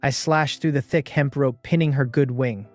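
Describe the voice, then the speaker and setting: A man's voice: medium pitch, steady tone, moderate pace, no echo, soft background music, lightly acted. A man voicing a fierce, wounded young winged woman warrior who snarls and hisses at strangers. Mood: hostile snarl. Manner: snarling, hissing, hostile.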